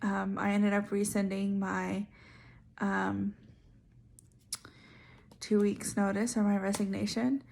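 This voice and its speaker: A woman's voice: medium pitch, little pitch movement, takes it slowly, gravelly, long pauses, darkish tone. A young woman telling a personal story in a chatty way, with many fillers and asides. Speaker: vlogger sharing her story. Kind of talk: casual storytelling.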